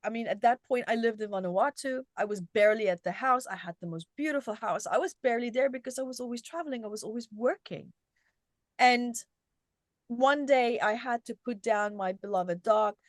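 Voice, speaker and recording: A middle-aged woman from South Africa, a guest telling her story in an animated, conversational way, often restarting her sentences. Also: on the high side, a little fast, dry recording, clean studio sound. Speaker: guest, self-help author.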